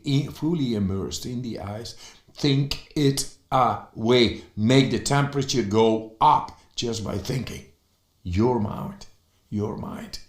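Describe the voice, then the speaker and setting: Slow-talking man in an echoey room. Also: on the low side. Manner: excited, halting with fillers and restarts. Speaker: speaker on breathing and cold. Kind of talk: motivational talk.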